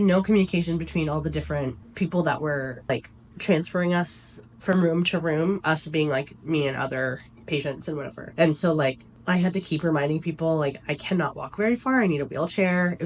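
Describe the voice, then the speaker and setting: A woman's voice: on the low side, a little hiss or hum. Sick, stuffy young woman vlogging. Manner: chatty, exasperated storytelling. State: sick, congested and weak. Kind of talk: casual story time.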